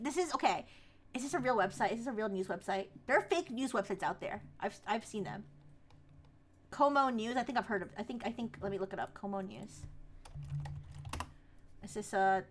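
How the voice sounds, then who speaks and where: A young adult woman streaming live, chatting casually about news, animated and laughing, rambling with frequent restarts. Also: on the high side. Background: faint music.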